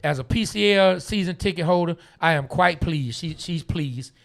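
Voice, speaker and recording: Man, sports talk co-host, animated, bright tone, laughs a lot. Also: on the high side, moderate pace, gravelly. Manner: animated, laughs often, drawling Southern slang. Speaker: podcast co-host.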